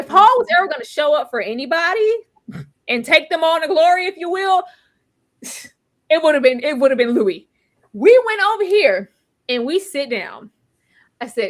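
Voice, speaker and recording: A woman hosting a TV recap chat, talking in an animated, emphatic way with bursts of exasperated exclamation. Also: high-pitched, normal speed. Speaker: TV recap podcast host. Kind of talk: casual chat.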